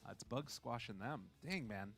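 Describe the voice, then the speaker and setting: A man casting an esports match, chatty and animated, handing back to the panel. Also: mid-range voice, normal speed, creaky, soft background music. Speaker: esports caster. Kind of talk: play-by-play commentary.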